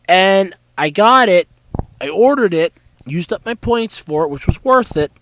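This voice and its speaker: A man hosting a solo podcast, nasal and congested from a head cold, with a sore throat, chatting in a rambling way full of fillers and pauses. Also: high-pitched, animated, fairly bright tone, a little hiss or hum, rough recording. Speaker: podcast host. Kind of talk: casual solo podcast talk.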